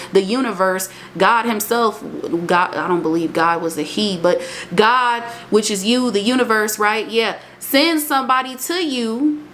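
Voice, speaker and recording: A young woman, talking casually and emphatically in a motivational vlog monologue. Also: slight background noise. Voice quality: emphatic and animated, swings into high exclamations. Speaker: vlogger.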